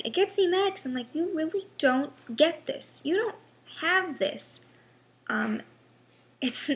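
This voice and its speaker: A young woman in a personal vlog, talking haltingly with many pauses and restarts, sounding frustrated and worn down. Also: a little high, fairly bright tone. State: unwell. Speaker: vlogger.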